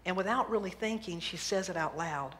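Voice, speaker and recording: A woman's voice: lowish voice, brisk. Woman minister telling a story in a hall. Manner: lively, humorous storytelling. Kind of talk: sermon storytelling. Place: church sanctuary. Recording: reverberant hall, faint noise.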